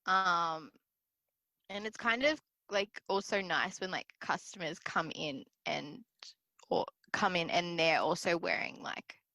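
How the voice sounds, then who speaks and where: A young woman chats casually on a podcast, telling stories with plenty of fillers and restarts. Her voice is bright and a little sharp. The sound is dry and close to the mic. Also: lowish voice, slow pace, creaky, no echo. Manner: chatty, filler-heavy storytelling. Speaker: podcast guest. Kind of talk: casual chat.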